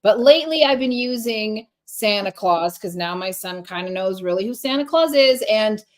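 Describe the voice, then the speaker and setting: A woman's voice: mid-range voice, animated, moderate pace. Chatty woman who rambles. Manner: rambling, many restarts and fillers. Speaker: podcast co-host. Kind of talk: casual chat.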